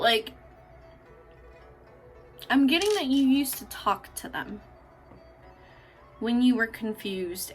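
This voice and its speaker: A woman's voice: fairly high pitch, fairly bright tone. A woman giving a casual pick-a-card tarot reading, chatty, affectionate and freely profane, often laughing. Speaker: tarot reader.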